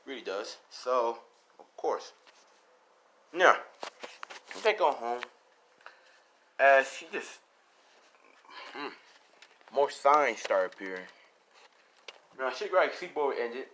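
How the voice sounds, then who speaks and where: Rambling male storyteller, mid-pitched. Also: expressive, takes it slowly, long pauses, pushed and bright, a little hiss or hum. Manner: rambling, full of fillers and swearing. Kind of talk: casual retelling of a fan story.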